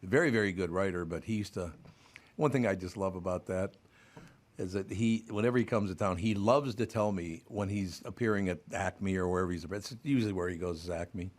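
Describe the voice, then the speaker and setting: Older Minnesotan male host, low voice, gruff casual banter. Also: a little fast. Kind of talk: casual chat.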